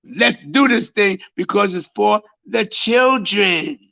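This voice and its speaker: High, gravelly-voiced man preaching. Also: animated, slow. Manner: preaching with heavy repetition, building to shouts. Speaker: high priest. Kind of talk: sermon. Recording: dull lo-fi recording.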